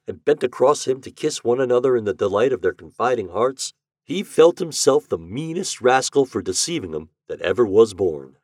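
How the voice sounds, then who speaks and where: A man's voice: on the low side, lively intonation, normal speed, darkish tone, no room sound, studio quality. A man narrating a classic story aloud as a podcast reader, telling it expressively. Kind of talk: reading classic fiction aloud.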